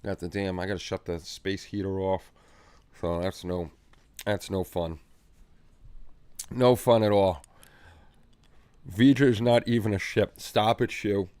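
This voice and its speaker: Sitting low in pitch with a darkish, clean tone, the man hosting this livestream speaks slowly, pauses often, and keeps his intonation fairly even. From his home hobby room he reads viewer comments in a relaxed, rambling way, repeating phrases, with no echo.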